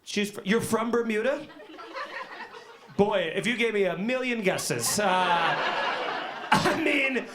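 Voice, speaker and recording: Speaking slowly in a high voice with long pauses, a comedian works a small club in a very noisy recording as the live audience laughs. He's brash and profane, chatting with people and performing animated asides.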